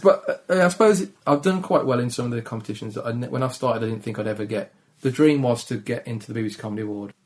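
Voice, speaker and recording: A man with a Black Country accent and a gravelly voice talks quietly in a casual podcast conversation. His manner is shy and low-key, and he is quick to put himself down. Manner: low-energy, shy, self-deprecating. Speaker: comedian guest.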